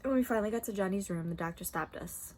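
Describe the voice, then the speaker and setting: A woman's voice: medium pitch, quick pace, darkish tone. A woman teacher reading a novel aloud to her class, with plain conversational asides.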